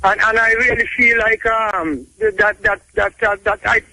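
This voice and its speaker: A man calling in to a radio show, talking haltingly and repeating his words. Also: very high-pitched, big pitch swings, vocal fry, bright, forceful tone, no echo, rough recording. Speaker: caller. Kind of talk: radio call-in chat.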